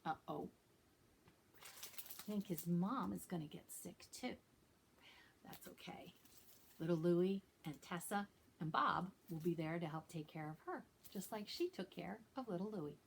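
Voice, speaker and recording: A woman librarian reading a picture book aloud to young children in a gentle storytelling manner. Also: fairly low pitch, moderate pace, gravelly, a little hiss or hum. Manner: gentle, warm storyteller talking to young listeners.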